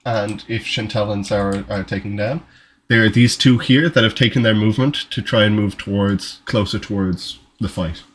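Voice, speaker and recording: A man's voice: lowish voice, fairly even intonation, normal speed, a little hiss or hum. A man running a tabletop game as game master, narrating casually, swearing and breaking off mid-sentence, on an online voice call. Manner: casual, swearing, self-interrupting.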